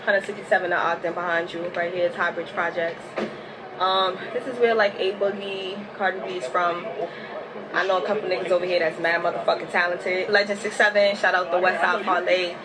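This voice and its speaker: A Bronx woman with a New York accent casually guides listeners around her neighborhood, using relaxed slang and recalling growing up there, while a crowd can be heard behind her. She speaks fairly quickly in a fairly low voice with fairly even intonation. The outdoor street recording is echoey and distant, with loud noise.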